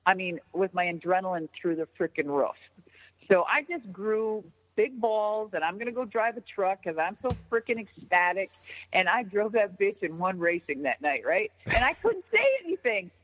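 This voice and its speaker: A woman in her fifties, a guest in a phone interview, telling a story in an animated, profane way and acting out the dialogue. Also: mid-range voice, moderate pace. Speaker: interview guest, former wrestler. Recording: tinny phone line with long reverb.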